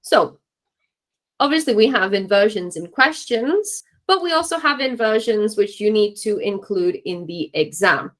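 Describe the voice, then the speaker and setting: A woman's voice: mid-range voice, expressive, measured pace, fairly bright tone, low-quality recording. Woman teaching an exam-prep class. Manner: encouraging, checks understanding with frequent "okay?". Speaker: English teacher.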